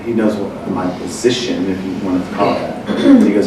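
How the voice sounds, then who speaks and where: A man's voice: lowish voice, fairly quick, few pauses. A man telling a personal story in a casual chat, rambling and correcting himself as he goes. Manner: rambling, self-correcting, animated when quoting others. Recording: echoey room from far off with noise.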